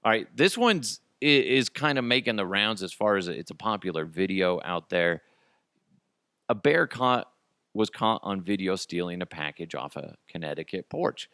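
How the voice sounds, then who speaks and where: A man's voice: sits low, animated, normal speed, pushed and bright, no echo, clean studio sound. A man hosting a comedy podcast, rambling through crude jokes and laughing at his own bits. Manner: tosses in goofy character voices. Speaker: podcast host.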